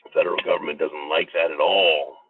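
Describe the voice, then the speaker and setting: A man's voice: a bass voice, flat delivery, fast talker, creaky, husky. An American man giving a political commentary monologue, emphatic and profane, ranting as the host. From United States. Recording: phone-like narrow band.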